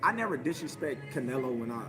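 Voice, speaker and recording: A man's voice: medium pitch, big pitch swings, fast talker, music in the background. A man telling a story in a blunt, profane and emphatic way as an interview guest. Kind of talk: heated storytelling.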